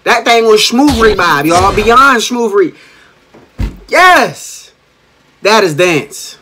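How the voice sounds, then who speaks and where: A man's voice: high-pitched, very animated, slow pace, bright, forceful tone, slight background noise. A man reacting to a dance video on his channel, calling out exclamations and playful slang as he watches. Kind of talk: excited reaction commentary.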